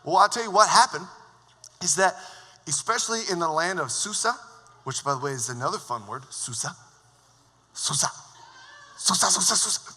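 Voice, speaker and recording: A man preaching a sermon as worship leader, telling the story in a lively, joking way. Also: fairly high pitch, a little fast. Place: church sanctuary. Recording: long church hall reverb.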